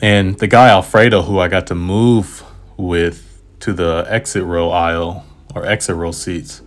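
A man's voice: sits low, fairly even intonation, a little slow. An American man, a travel writer, casually telling a travel story in a rambling, self-aware way with asides and restarts. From United States.

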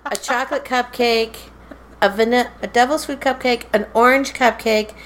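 Brief: woman co-host, slightly high voice, wry teasing quips, faint room hum. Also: steady tone, normal speed. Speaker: travel podcast co-host. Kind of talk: casual chat. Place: room in a historic inn.

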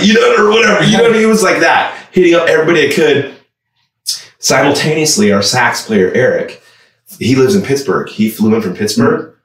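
Young man, casual storytelling, lively swings in pitch, swears a lot, a bit off-mic, echoey room. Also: brisk, distant mic. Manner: animated, swearing often, shouting and laughing through quoted outbursts. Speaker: musician guest.

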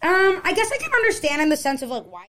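A woman's voice: very high voice, very animated, fast talker, pushed and bright. A young adult woman hosting a podcast, telling a long story in casual chat, rambling with lots of "like" and reading out text messages. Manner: rambling, heavy use of "like", quotes texts aloud. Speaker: podcast host.

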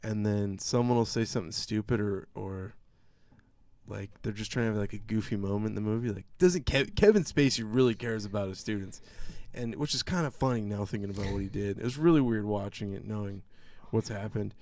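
A man's voice: fairly low pitch, a little fast, no echo. A man co-hosting a podcast, ranting sarcastically about a movie in casual chat and mocking its characters. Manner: sarcastic, animated movie rant with mocking impressions. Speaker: podcast co-host.

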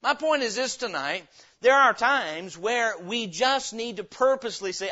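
A man preaching a sermon as pastor, reading scripture slowly and breaking into sudden loud, emphatic bursts. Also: extremely high pitch, expressive, muffled recording.

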